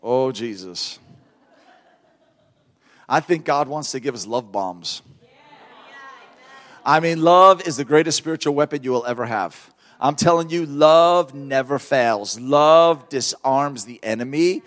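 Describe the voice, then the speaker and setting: A man preaching a sermon through storytelling, fervent and animated, laughing between points. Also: mid-range voice, a little slow, pauses often.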